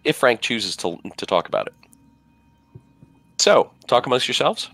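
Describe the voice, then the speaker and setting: A man's voice: mid-range voice, sing-song, a little slow, vocal fry, pushed and bright. A man narrating a tabletop game as game master, rambling along with many fillers and asides.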